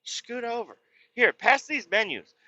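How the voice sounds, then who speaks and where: Man doing a bossy, high-voiced nagging woman. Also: sing-song, unhurried, no echo, heavily acted. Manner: pushy, soft, ordering people around. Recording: dull lo-fi, dry.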